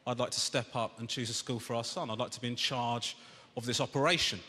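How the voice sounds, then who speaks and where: A British man doing a stand-up routine, exasperated and ranting, his voice rising to shouts. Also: medium pitch, steady tone, brisk. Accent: British English. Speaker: stand-up comedian. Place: large theatre stage with audience laughter. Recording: echoey theatre hall, audience noise.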